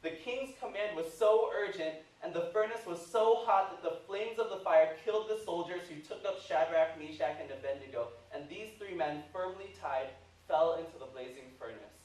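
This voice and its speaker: A man preaching a sermon, retelling a scripture story with animated asides, recorded in a church. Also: fairly high pitch, normal speed, few pauses. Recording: echoey church hall, mic at a distance, faint hiss.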